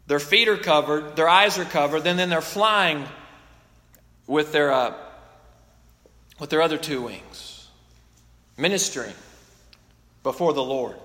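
A man's voice: fairly high pitch, pushed and bright. A man preaching a sermon in an earnest, emphatic way, often restarting his sentences, in a church. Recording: long reverb of a large hall.

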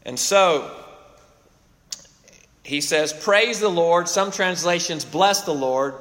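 High-voiced male preacher in a reverberant hall. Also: slow pace, pauses often, a bit bright. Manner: expository preaching, dynamic with emphatic swells and drops. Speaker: pastor. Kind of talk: sermon.

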